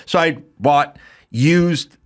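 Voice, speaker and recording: A man's voice: on the high side, drawn-out words. A man from the San Fernando Valley hosting a casual podcast chat, telling stories in a laid-back way and laughing easily. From San Fernando Valley, California. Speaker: podcast host.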